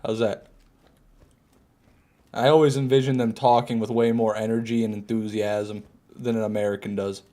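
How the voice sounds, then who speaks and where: A man's voice: fairly low pitch, flat delivery, moderate pace, long pauses, mellow. A man streaming a game live, rambling and joking, answering chat questions and swearing now and then. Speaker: gaming streamer. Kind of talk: casual live gameplay commentary.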